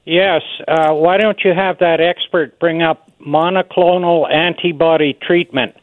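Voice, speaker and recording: A man's voice: a little high, steady tone, measured pace, no room sound. A man calling in to a radio show, insistent as he lists treatments. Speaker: caller. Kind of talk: radio call-in. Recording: tinny phone line.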